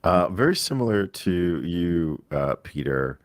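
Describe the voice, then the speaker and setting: A man's voice: low-pitched, very animated, measured pace, dry recording. A man on a live online panel telling a wry, self-mocking story in a casual way, with plenty of fillers. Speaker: mastermind panel member.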